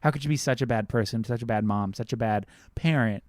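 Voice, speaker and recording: A man's voice: mid-range voice, fast, no echo, clean studio sound. Earnest man podcast co-host. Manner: earnest, repeats phrases while thinking, acts out quotes. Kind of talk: casual film discussion.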